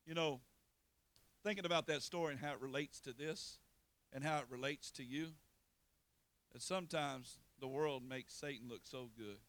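A man's voice: a little high, brisk, a bit bright. A man preaching a sermon, telling a folksy story and building to fervent exhortation.

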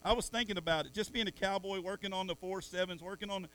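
A middle-aged man preaching a sermon in church, swinging from soft asides to loud calls at the congregation. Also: sits high, fast talker. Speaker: pastor.

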